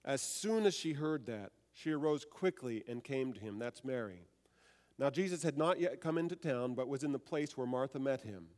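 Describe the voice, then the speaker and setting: A man's voice: mid-range voice, animated, moderate pace, a little mellow, long reverb tail. A man preaching a sermon, reading scripture aloud, then explaining it and putting rhetorical questions to his listeners.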